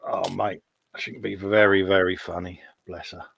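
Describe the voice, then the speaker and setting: A man's voice: deep voice, flat delivery, moderate pace, gravelly, a bit bright. A man in his fifties chatting casually on a live stream, self-mocking and jokey, calling everyone mate. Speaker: co-host.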